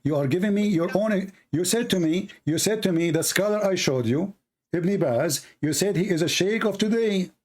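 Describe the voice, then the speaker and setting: Host, male, high voice, interrogating a caller, keeps cutting in. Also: moderate pace, darkish tone. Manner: interrogating, repeats questions, interrupts. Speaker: show host. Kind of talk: heated call-in debate.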